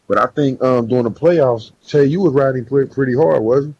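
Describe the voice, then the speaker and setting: A man's voice: mid-range voice, normal speed, darkish tone, husky, dry recording. A man co-hosting a podcast, arguing sports points in slangy casual talk and reeling off stats. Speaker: podcast co-host. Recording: dry, dull, slightly muffled mic.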